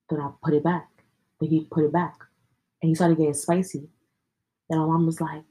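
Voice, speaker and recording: Low, husky young woman telling stories. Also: fairly even intonation, moderate pace, long pauses, darkish tone, poor audio. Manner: slangy, candid, sprinkled with profanity. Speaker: podcast host. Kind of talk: casual storytelling chat.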